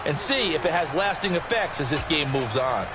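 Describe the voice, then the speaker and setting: Brief: male color analyst, high voice, chatty breakdown of the play, loud stadium crowd and noise underneath. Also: very animated, normal speed. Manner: conversational analysis, addresses partner. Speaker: color commentator. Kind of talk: sports video game commentary.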